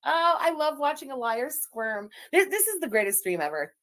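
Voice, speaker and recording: A woman's voice: high-pitched, big pitch swings, normal speed, fairly bright tone. A woman streamer gleefully mocking a clip and thanking viewers, swearing freely. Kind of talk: livestream reaction commentary.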